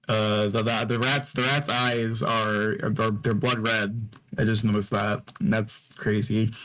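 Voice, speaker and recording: A podcast host with a fairly low voice delivers a casual, rambling monologue on poor audio. Drowsy, he yawns between topics, stammers, restarts, and repeats words and phrases.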